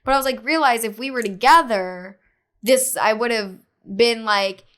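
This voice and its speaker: Here a young female podcast guest recounts a story casually, using many fillers and performing others' dialogue with animation. Her voice is clear and resonant, a little high, at normal speed.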